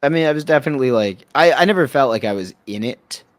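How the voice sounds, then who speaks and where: A man's voice: medium pitch, expressive, fast talker, no echo. A man in his thirties from Canada, a guest actor telling rambling, self-deprecating stories in casual chat and acting out what others said. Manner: rambling self-deprecating storyteller who acts out quotes.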